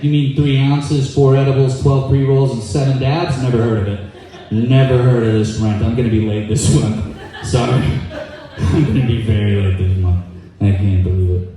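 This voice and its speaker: Young male stand-up comic, dry deadpan delivery, mellow voice, echoey club sound. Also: mid-range voice, far from the mic. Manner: deadpan, quick asides, acts out quoted voices. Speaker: stand-up comedian. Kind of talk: stand-up comedy set. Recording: echoey room, voice off-mic.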